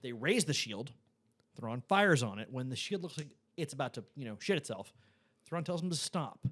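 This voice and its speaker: A man co-hosting a podcast, explaining things in a relaxed way and chuckling now and then. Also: mid-range voice, moderate pace. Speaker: podcast co-host. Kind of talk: casual recap chat.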